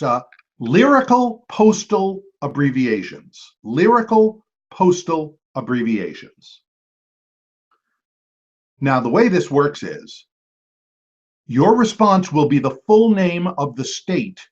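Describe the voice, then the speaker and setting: Quiz host, male, slightly high voice, chatty, repeats clues, dull lo-fi audio. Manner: chatty, repeats each clue, quick asides and apologies. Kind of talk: reading trivia questions and chatting with teams. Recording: dull lo-fi recording.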